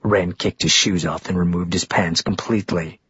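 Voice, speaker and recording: A man narrating a romance novel in a steady, even storytelling read. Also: low voice, moderate pace, husky, dry recording, lo-fi sound. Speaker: audiobook narrator.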